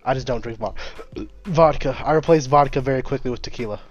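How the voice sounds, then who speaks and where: A young man co-hosting a podcast, chatting casually and telling stories in a blunt, deadpan way. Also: mid-range voice, fast talker, dull audio, faint music behind. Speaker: podcast co-host. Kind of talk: casual chat.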